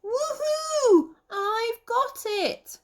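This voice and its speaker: Woman as small excitable squirrel, high squeaky calls, lively pitch. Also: slow pace, gravelly, heavily acted. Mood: excited. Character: cheeky little male squirrel, squeaky and excitable.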